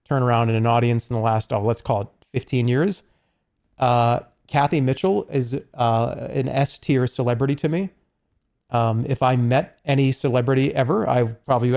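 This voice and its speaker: Gravelly, rambling male streamer. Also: medium pitch, dark tone. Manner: rambling and chatty, with many restarts and asides. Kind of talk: casual stream commentary.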